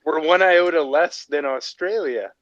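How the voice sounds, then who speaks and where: A man from Canada on a casual group call, excitable and quick to interrupt, often laughing. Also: fairly high pitch, dry recording. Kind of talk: casual chat. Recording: dull dry lo-fi audio.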